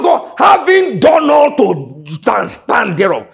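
A pastor preaching a sermon, dropping to low murmurs and then rising to shouted exhortation. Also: male voice, wildly swooping pitch, takes it slowly, creaky, hardly any pauses, breathy edge.

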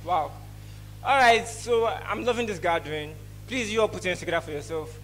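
High-voiced Nigerian man doing stand-up. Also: a little fast, faint music behind. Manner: lively, mixes pidgin, teases audience. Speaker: stand-up comedian. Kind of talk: live stand-up set. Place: event hall.

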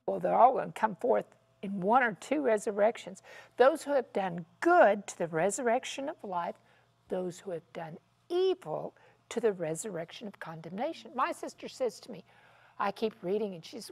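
A woman's voice: mid-range voice, lively intonation, moderate pace, gravelly. A woman teaching in a televised Bible study discussion, with emphatic, dramatic preaching delivery. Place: television studio set.

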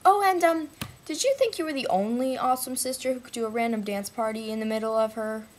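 A woman vlogging casually to the camera, chatty and self-mocking, jumping between hushed asides and excited bursts. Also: a little high, fast, slight background noise. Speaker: vlogger in a shared channel. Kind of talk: casual vlog chat to the camera.

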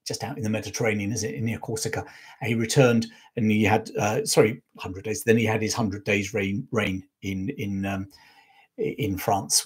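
The host of a live history show speaks in a fairly low, husky voice. His storytelling wanders, packed with fillers, and he regularly corrects himself mid-thought.

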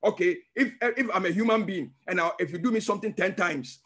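Husky, high-voiced preaching pastor. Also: male voice, a little fast, a bit bright. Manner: emphatic, with call-and-response questions; breaks into speaking in tongues. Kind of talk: teaching sermon.

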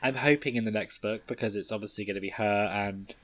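A man's voice: on the low side, quick pace, a bit bright. A man co-hosting a podcast and chatting casually about books. He talks in an enthusiastic, fan-like way with lots of fillers. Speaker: podcast co-host. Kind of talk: casual book-discussion chat.

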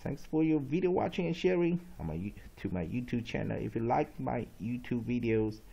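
Male phonics teacher; dark, mellow tone, repeats each word with emphasis. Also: mid-range voice, animated, vocal fry, husky. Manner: repeats words slowly and emphatically, switching between Mandarin and English. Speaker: English pronunciation teacher. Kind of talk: pronunciation lesson, drilling syllables.

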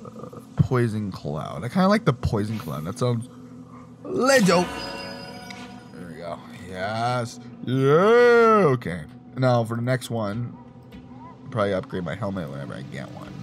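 Excitable young man commenting on gameplay. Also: on the low side, measured pace. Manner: excitable and profane, laughs and exclaims often. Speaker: gaming channel host. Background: game music.

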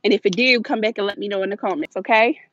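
A woman hosting a live shopping stream inside a large store, filming on a handheld phone and talking fast and chatty to her viewers while a little out of breath. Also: medium pitch, steady tone, fairly bright tone, dry recording. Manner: chatty, hurried, addresses viewers directly. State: slightly out of breath. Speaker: deal-hunting vlog host. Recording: dull phone audio.

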